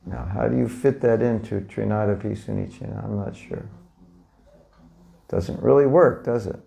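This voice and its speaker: This man's voice sits fairly low and is creaky and dark, moving at a normal speed. He's a spiritual teacher holding an informal lecture before a live audience, chatting with them, posing frequent questions, and acting out small scenes.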